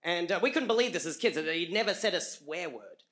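An Australian man telling a comic story on a live stage, halting with frequent repeats and fillers. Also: high voice, animated, a bit bright. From rural Australia.

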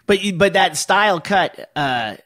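A man with a slightly high voice chatting on a casual podcast. He pokes fun at himself and circles back through restarts and fillers as he talks. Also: expressive, measured pace, a bit bright. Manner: self-deprecating, many restarts and fillers. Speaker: podcast co-host. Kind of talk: casual chat.

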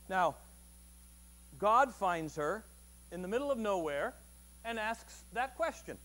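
A man preaching a Sunday sermon in a conversational way, asking the congregation questions and bursting loudly into quoted voices. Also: on the high side, animated, moderate pace. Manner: conversational, asks the audience questions; acts out quoted voices with sudden loud bursts. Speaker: pastor. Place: church service.

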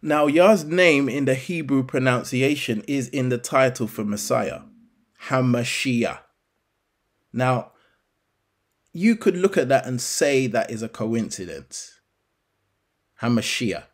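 Slow, deliberate man teaching scripture. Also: medium pitch, expressive. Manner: deliberate, rhetorical questions to the listener. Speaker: bible teacher.

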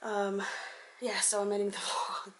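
A woman's voice: mid-range voice, monotone, measured pace, a little hiss or hum, low-quality recording. A young woman chatting casually in a holiday vlog at home, laid-back and laughing often, recording on a handheld camera. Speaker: vlogger. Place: house during a holiday visit. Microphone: handheld phone or camera.

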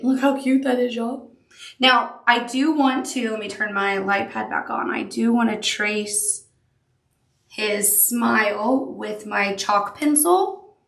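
A woman's voice: on the high side, gravelly, reverberant. Chatty woman teaching applique. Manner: chatty, upbeat, cooing over cute details. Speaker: quilting instructor. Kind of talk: sewing tutorial demonstration.

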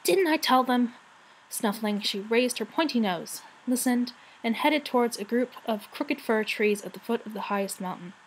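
Woman, storybook reader, expressive narration, slightly high voice. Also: normal speed, few pauses, slight background noise, low-quality recording. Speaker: audiobook reader. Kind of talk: reading a novel aloud.

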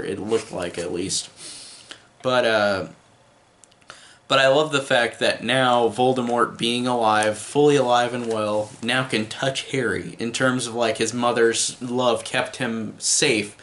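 A man's voice: mid-range voice, a little slow, a bit bright, slight background noise. A man giving a casual, enthusiastic film review, rambling with restarts.

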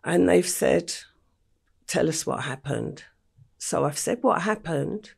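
An older woman from England tells her story in a deeply gravelly, husky voice. She speaks slowly and plainly, laying out events one after another as an interview guest. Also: expressive, darkish tone. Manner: slow, matter-of-fact storytelling. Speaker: podcast guest.

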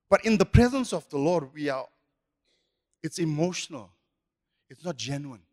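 A man's voice: sits high, animated, normal speed, pauses often. A man preaching a sermon as pastor, emphatic and repetitive. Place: church hall. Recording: echoey church hall.

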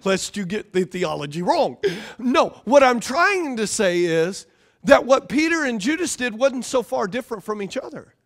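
A man pastor preaching a sermon in a conversational, animated way, often repeating his phrases. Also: extremely high pitch, moderate pace.

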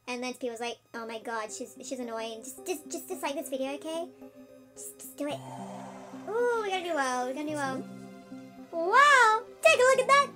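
Squealing high-pitched young woman gamer. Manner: loud outbursts and squeals, rambling asides. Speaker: gaming channel host. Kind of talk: excitable let's-play commentary. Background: game music.

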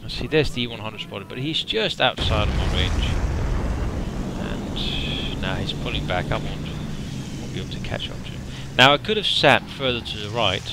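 A man's voice: on the low side, lively intonation, normal speed. A man giving casual, wry commentary over his own tank gameplay. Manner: wry, dry humor, self-deprecating. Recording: noisy game audio underneath.

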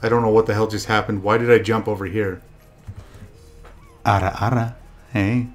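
A man's voice: lowish voice, little pitch movement, fast talker, faint music behind. Profane young male game streamer. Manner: loud profane outbursts at the game. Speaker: VTuber streamer. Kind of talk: casual game stream chat.

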